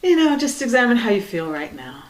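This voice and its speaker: A woman giving a reflective spiritual talk in a conversational way, with many "you know"s, soft laughs, and quiet trailing phrases. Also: on the high side, sing-song, brisk, rough recording. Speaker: dharma talk speaker.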